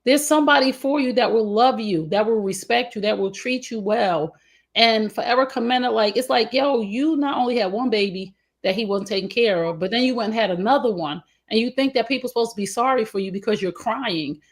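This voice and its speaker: A woman co-hosts a relationship talk show with a fairly high voice and a brisk pace. She speaks with features and gives blunt, outspoken, emphatic advice, leaning into her points in a preachy, lecture-like way.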